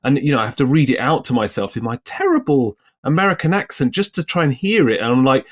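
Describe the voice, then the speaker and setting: A man's voice: medium pitch, sing-song, fast. A British man co-hosting a casual podcast discussion, chatty and loose, with lots of "like" in his talk. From Britain. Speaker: podcast co-host, screenwriter.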